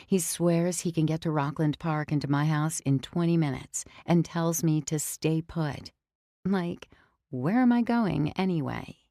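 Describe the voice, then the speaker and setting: A woman's voice: low-pitched, dark tone, no room sound, clean studio sound. A woman narrating a first-person audiobook in a tense, confessional manner that sometimes drops to a whisper.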